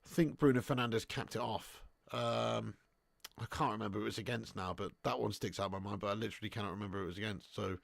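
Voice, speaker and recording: Chatty man with a gravelly voice. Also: mid-range voice, animated, fast talker, fairly bright tone, dry recording, studio quality. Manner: chatty, laughs often, reads out viewer comments, swears freely. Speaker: football watch-along host. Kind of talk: live casual chat and match commentary.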